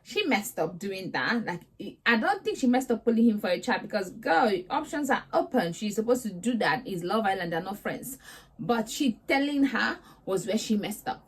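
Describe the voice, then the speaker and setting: A woman's voice: mid-range voice, big pitch swings, normal speed, husky. A young woman, recapping reality TV in a sassy, exasperated, chatty vlog. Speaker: vlogger host.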